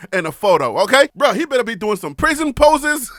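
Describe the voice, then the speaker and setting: A man with a Liberian accent giving animated, teasing casual commentary on college sports and laughing often. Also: very high voice, no room sound, studio quality. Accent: Liberian English.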